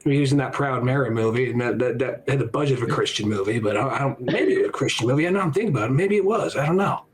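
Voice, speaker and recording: A man's voice: medium pitch, expressive, fast, few pauses, breathy edge. A man guesting on a podcast, telling stories in rambling, profane, casual chat. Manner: rambling, laughing storytelling with swearing.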